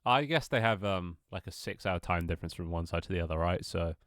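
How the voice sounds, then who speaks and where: A man streaming live game development work talks fairly quickly in a low, slightly bright voice, his nose audibly stuffed up. His casual chatter rambles, turns self-mocking, and includes offhand swearing. The studio-quality audio has no echo.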